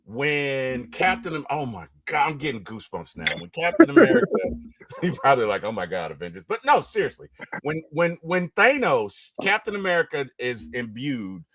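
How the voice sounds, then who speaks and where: A middle-aged man chatting as an interview host, his pitch sitting a little high and swinging widely as he talks. He gets loud and excited when he retells favourite film scenes. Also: moderate pace. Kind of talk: casual interview chat.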